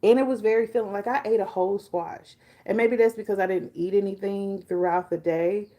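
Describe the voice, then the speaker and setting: A woman's voice: medium pitch, brisk. A woman in her forties chatting casually and animatedly about hair care and food as a vlogger. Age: 40s. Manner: chatty and animated, talks baby talk to her dog. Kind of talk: casual chat.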